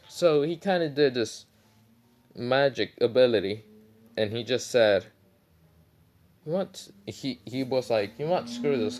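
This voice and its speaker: A man's voice: mid-range voice, a little mellow, a little hiss or hum. A man casually retelling a fan story, rambling with many fillers and some swearing.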